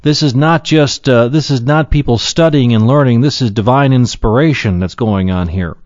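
A man giving an earnest Bible teaching, slowing down to read Scripture aloud and then explaining each verse. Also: mid-range voice, a little mellow, no echo, dull audio. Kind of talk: sermon-style Bible teaching.

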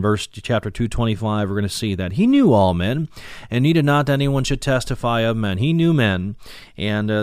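A man teaching the Bible verse by verse, reading old-fashioned scripture aloud and explaining it with many pauses and fillers. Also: on the low side, no echo, clean studio sound. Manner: reads King James verses aloud, then explains them with frequent "uh" fillers.

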